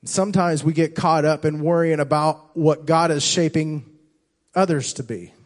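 A man preaching a sermon as pastor, impassioned, repeating and restarting phrases and swinging between loud and soft. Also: on the high side, fairly even intonation, moderate pace.

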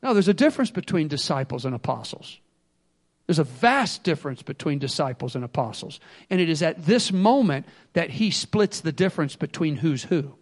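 A middle-aged male preacher with a high voice delivers a sermon. He is animated and humorous, dropping to soft asides and then climbing back up to loud, emphatic points. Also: moderate pace.

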